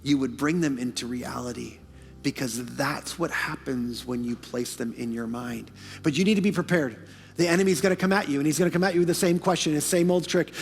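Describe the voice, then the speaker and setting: A man pastor preaching in a church sanctuary, his voice pitched high. He moves between hushed, intimate lines and fervent bursts with rapid asides. The long reverb of the hall carries him over faint music. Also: vocal fry, breathy edge. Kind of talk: sermon.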